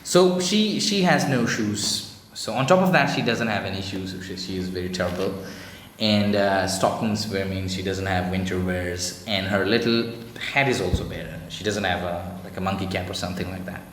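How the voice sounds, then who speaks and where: A man's voice: sits low, moderate pace, fairly bright tone. A male teacher with an Indian English accent explaining a story to students, loosely paraphrasing with many fillers. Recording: echoey room with long reverb, faint noise.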